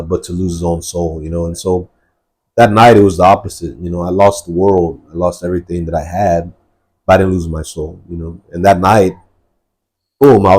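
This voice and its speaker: A man's voice: deep voice, a little mellow, breathy edge. A man sharing his personal testimony in a podcast interview, talking earnestly and rambling with many fillers.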